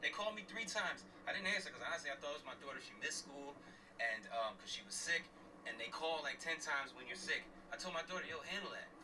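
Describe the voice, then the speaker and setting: A middle-aged father and former cop talks fast and animatedly in a slightly high voice while driving, ranting angrily on a livestream. He's blunt, swears, and hammers points by repeating them. A distant mic catches plenty of background noise.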